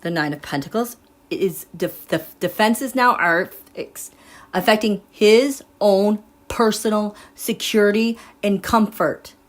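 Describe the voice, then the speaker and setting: Woman doing a tarot livestream, chatty and animated, medium pitch, laughs a lot. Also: a little slow. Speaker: tarot reader.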